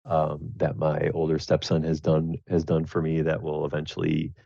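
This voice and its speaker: A man narrating as game master of a tabletop game, rambling and halting with many fillers. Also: very deep voice, completely flat delivery, gravelly, mellow, no room sound, muffled recording.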